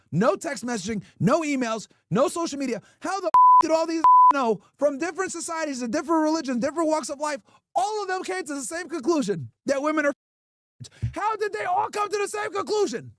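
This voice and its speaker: A man's voice: very high-pitched, sharp tone, no room sound, clean studio sound. A man streaming to his chat, ranting emphatically and mockingly with lots of rhetorical questions. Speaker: streamer and podcast host. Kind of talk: ranting commentary to a live chat.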